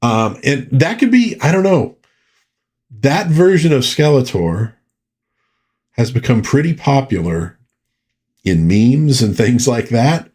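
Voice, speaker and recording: A man with a slightly husky voice rambles through casual pop culture chat as the show's host. His pitch rises and falls a lot as he talks, and he keeps drifting into folksy asides. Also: sing-song, slow, pauses often, a little mellow. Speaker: podcast host.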